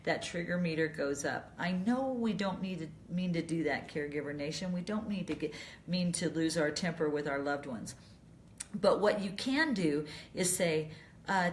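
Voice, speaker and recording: A middle-aged woman hosting a live video chat, calmly answering viewer questions about caregiving. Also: fairly low pitch, moderate pace. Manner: calm, advisory, acts out short example lines. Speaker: radio host and dementia caregiving advisor.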